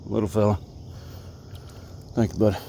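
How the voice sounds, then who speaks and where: A fishing vlogger from Alabama chats casually to the camera from a kayak on a creek outdoors, talking excitedly to the fish he catches. His voice is on the low side and creaky, at normal speed, with a little hiss or hum.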